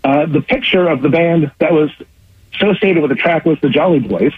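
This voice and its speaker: A man's voice: fairly high pitch, brisk, slightly rough, no room sound, narrow, tinny audio. A man being interviewed as a radio guest, an eager storyteller who spins long anecdotes and acts out his own reactions.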